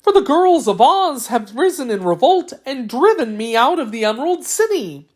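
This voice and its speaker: Woman voicing a straw man, storybook, doleful, plaintive, raised pitch. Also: very animated, normal speed.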